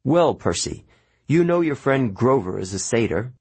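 A man reading an audiobook, voicing a patient, kindly centaur teacher who speaks in a measured, formal way. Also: medium pitch, sing-song, a little mellow, husky, dry recording, voice pushed up, exaggerated voice. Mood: earnest.

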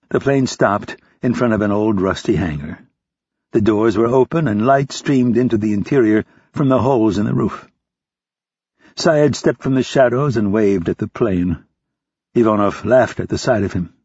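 A man reading a thriller audiobook in steady, expressive scripted narration. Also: on the low side, normal speed, slightly rough, no room sound. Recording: dry, slightly dull lo-fi.

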